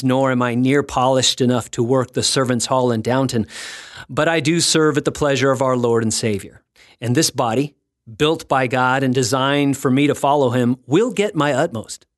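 A man hosting a devotional podcast, talking in an earnest, reflective way with gentle self-mocking humor. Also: medium pitch, no echo, clean studio sound. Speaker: podcast host and ministry founder. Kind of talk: scripted devotional podcast talk.

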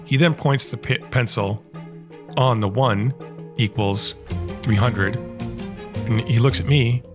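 A middle-aged man telling a personal travel story in a relaxed, halting way, recounting conversations. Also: medium pitch. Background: background music.

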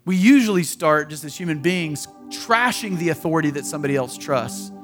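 A man preaching in a relaxed, talky way, slipping into little quoted voices as he goes. His voice sits high. Music plays clearly underneath him. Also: brisk, hardly any pauses. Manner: conversational, acts out quoted voices. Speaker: pastor. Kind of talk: sermon.

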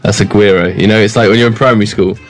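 A man's voice: fairly low pitch, steady tone, very fast, over loud music. A young man co-hosting a casual chat, running a word game with playful, rambling asides. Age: young adult. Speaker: co-host.

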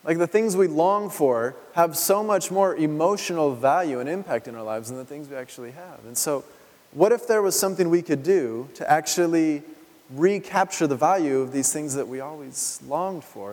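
A man's voice: on the high side, a little mellow. A male pastor giving a conversational sermon, asking his listeners rhetorical questions as he goes. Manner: chatty, full of rhetorical questions. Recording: long hall reverb.

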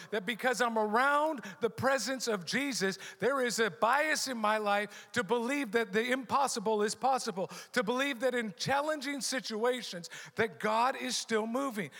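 A high, bright-toned middle-aged man preaches to his congregation, hammering home key phrases by repeating them. His voice rings through a large hall with a long reverb tail. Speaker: pastor. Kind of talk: sermon.

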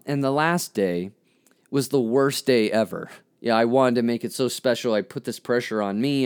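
A man telling a candid personal story as a podcast host, halting and reflective, often restarting his sentences. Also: fairly low pitch, smooth. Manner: frank, self-critical.

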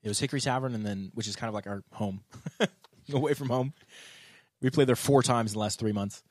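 A man's voice: mid-range voice, a little fast, dry recording, studio quality. A man co-hosting a podcast as a guitarist, in laid-back casual banter. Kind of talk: casual chat.

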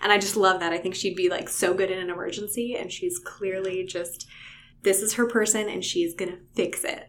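A woman co-hosting a casual book discussion, enthusiastic and expressive. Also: medium pitch, brisk, a little hiss or hum. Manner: enthusiastic, reads passages expressively. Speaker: podcast co-host.

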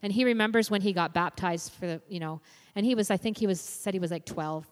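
A woman's voice: medium pitch, fast talker. Woman preaching in a reverberant church hall. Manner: conversational, frequent "you know" fillers. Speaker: youth and children's minister. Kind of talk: informal church sermon. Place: church sanctuary.

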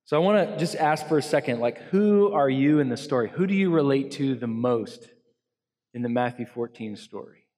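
A man preaching an earnest sermon as pastor to a congregation, swinging between loud emphasis and soft hushed lines. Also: mid-range voice, animated, moderate pace, big-room sound. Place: church hall.

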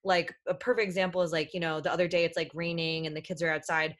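A mother talking as a podcast guest, animated and full of fillers, questioning her own habits. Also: lowish voice, fast talker. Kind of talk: casual podcast chat.

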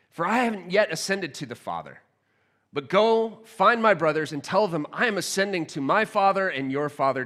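A man preaching a sermon, retelling a scripture scene with expressive storytelling that drops to a hush and rises with excitement. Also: sits high, long reverb tail. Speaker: pastor.

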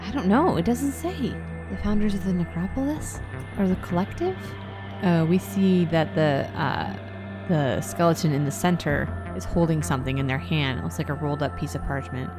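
A woman with a low voice narrates tabletop game scenes in vivid detail. Her tone is lively, often exasperated with her partner. Clear background music plays under her. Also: moderate pace. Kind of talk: casual tabletop role-play narration.

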